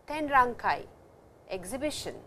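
A middle-aged woman with an Indian English accent giving a patient, explanatory classroom lecture, repeating terms slowly. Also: on the high side, big pitch swings, fairly bright tone, a little hiss or hum. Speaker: Japanese language teacher.

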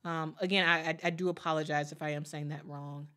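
A woman hosting a casual live watch party, chatty and excitable, often repeating her phrases and reading viewer comments aloud. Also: low-pitched, brisk. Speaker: host of a draft watch party stream.

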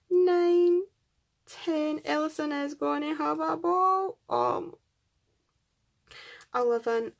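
A woman's voice: high-pitched, takes it slowly, vocal fry. A Scottish woman hosting a craft channel, chatting casually and gushing as she unboxes and counts items aloud. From Scotland.

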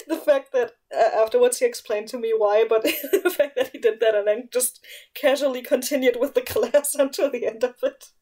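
Giggly woman with a fairly high voice. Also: warm tone. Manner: giggly, playful, rambling with fillers. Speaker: podcast co-host. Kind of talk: casual chat.

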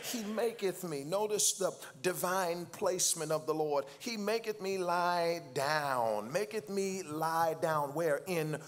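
A man preaching a sermon, calling for responses from the congregation and rising to shouts. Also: high-pitched, slow pace, hardly any pauses, soft background music. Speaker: pastor. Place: church.

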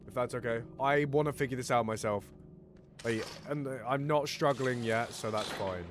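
A man playing a horror game with friends and commenting excitedly, swearing often and talking to himself. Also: mid-range voice, normal speed, slight background noise. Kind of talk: let's play commentary.

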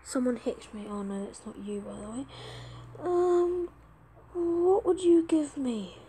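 Casual gaming host, woman, chatty and excitable, high voice with a soft, dark tone. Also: slow pace. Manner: excitable, chatty, pleading for trades. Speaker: gaming video creator. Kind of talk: casual let's-play commentary.

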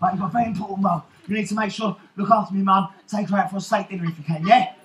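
Speaking fast in a high-pitched, steady tone that stays close to his everyday voice, this man performs as a swaggering pirate captain fond of rum in a live children's stage show. He teases and calls out to the audience theatrically from the stage, and the echoey space carries some background noise.

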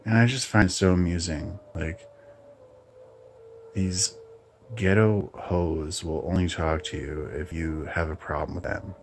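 A man hosting his own channel, ranting bluntly in a casual, halting monologue. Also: deep voice, steady tone, a little hiss or hum. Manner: blunt, opinionated, halting with restarts. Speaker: channel host.

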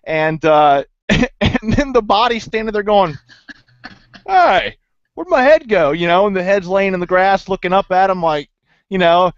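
A man co-hosting a podcast, talking in a halting way with restarts, then chuckling playfully in a casual book chat. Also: high-pitched, clean tone, dry recording. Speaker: podcast co-host. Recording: dry, dull lo-fi recording.

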